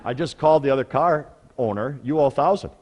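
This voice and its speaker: A middle-aged man presenting at a parenting workshop, telling stories in an animated way and asking the audience questions. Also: mid-range voice, fast talker, in a large hall. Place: large conference room.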